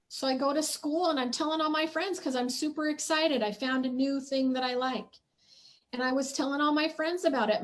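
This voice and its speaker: A high-pitched woman talks at an unhurried pace, hosting her own podcast. She tells a personal story in a reflective, emphatic way and stresses her key points with deliberate weight. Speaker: podcast host and spiritual teacher.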